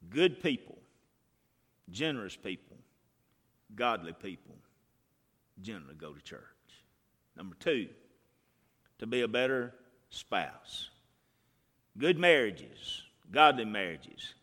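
Male preacher, folksy sermon voice, animated pitch, echoing hall. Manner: folksy storytelling, swings from hushed to shouting. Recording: reverberant hall.

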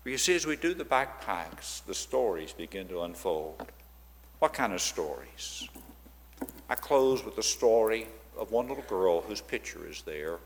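A man's voice: on the low side, measured pace. A man giving a storytelling church talk about a ministry, acting out the voices of the people in his stories. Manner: animated storyteller who acts out quoted voices. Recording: long reverb of a large hall.

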